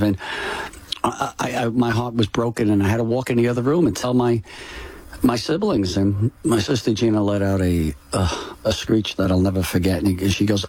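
An older man tells a personal story as an interview guest, halting and restarting often. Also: medium pitch, animated, a little mellow. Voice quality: halting, full of restarts and "you know". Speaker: interview guest, brother of a firefighter.

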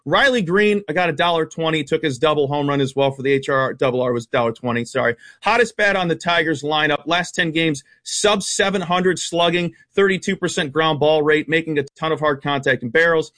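A man as a sports betting analyst guest on a radio show, rattling off stats in a blunt, animated way. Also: fairly high pitch, no room sound. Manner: fast, blunt, stat-heavy, animated. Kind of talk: casual radio sports talk.

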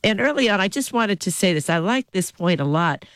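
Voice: mid-range voice, animated, a little fast, fairly bright tone, no echo. An interview host with a chatty, jokey, self-deprecating manner, asking about a guest's book. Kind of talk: conversational interview.

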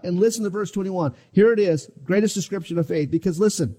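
A man's voice: high-pitched, a little fast, few pauses, dark tone, slightly rough. A middle-aged man preaching a sermon as pastor, dramatic and acting out the voices of the people in his story. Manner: dramatic, acts out voices of the disciples.

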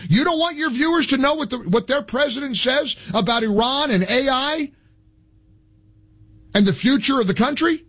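A man hosting a call-in radio show, his voice high and husky. He argues in a sarcastic, mocking tone and needles the caller at every turn. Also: a bit bright. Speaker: talk radio host. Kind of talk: combative call-in radio talk.

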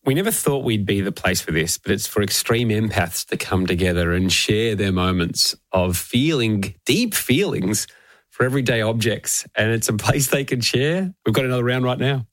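Man, podcast co-host, playful and giggly, very lively intonation, dry close sound. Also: lowish voice, moderate pace, no echo. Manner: playful, laughs often, voice swings up and down. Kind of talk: casual comedic chat, reading listener messages.

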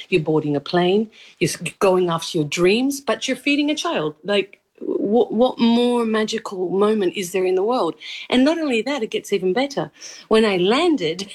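A woman's voice: medium pitch, lively intonation, normal speed. A woman in her thirties with a mild Australian accent, an actress talking eagerly in an interview and laughing often. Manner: bubbly, laughs often, gushing. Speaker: actress guest. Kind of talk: animated interview chat.

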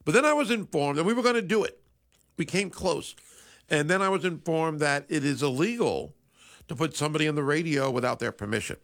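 A man's voice: fairly high pitch, expressive, brisk, a bit bright. A man hosting a sports radio show, telling a story in a rambling, conversational way. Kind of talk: casual radio monologue.

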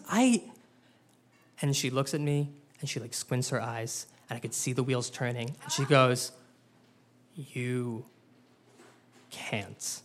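A young man telling a personal story live to an audience, wry and self-deprecating, with animated delivery. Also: on the high side.

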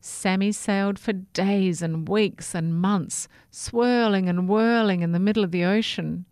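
A woman, narrating a children's story in a gentle, expressive way. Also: medium pitch, a little slow, smooth, no echo, studio quality.

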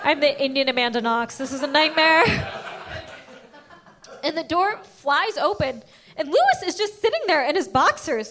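A woman's voice: high-pitched, sing-song, moderate pace, a bit bright. A woman performing a stand-up comedy set, brash and crude, firing off self-mocking punchlines. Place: comedy stage before a laughing audience.

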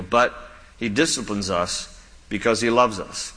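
A male pastor with a lowish, bright and forceful voice preaches at a measured pace, emphatically repeating key lines and mixing in humorous stories. A large hall's long reverb colors the recording.

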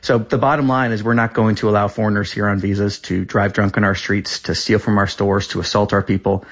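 A man in his thirties answers as a government spokesperson, returning again and again to the same talking points. He talks quickly and insistently in a fairly low voice. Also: flat delivery. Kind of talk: press interview answers.

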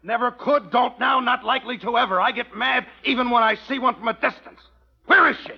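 A man's voice: very high-pitched, fairly quick, vocal fry, husky, full character voice. An actor playing a hot-tempered rancher in a 1940s radio drama, blustering and self-pitying as he demands money. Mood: ranting. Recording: dull lo-fi old radio recording.

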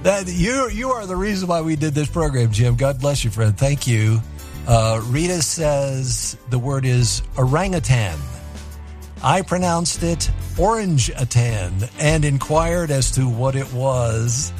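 A man hosting a radio call-in show, friendly and quick with banter, laughing easily with callers. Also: mid-range voice, expressive, a little mellow, soft background music. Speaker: radio host.

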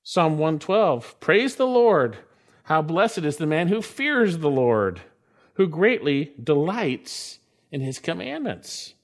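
A man's voice: on the high side, very animated, takes it slowly. A man preaching a sermon, reading scripture and stressing key phrases with emphasis. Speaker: pastor.

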